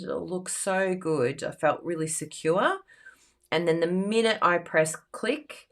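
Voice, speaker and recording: A woman's voice: lowish voice, a little slow. A woman demonstrating card making who chats in a rambling, casual way with lots of fillers and frequent laughs. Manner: laughs often. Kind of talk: casual chat during a crafting demo.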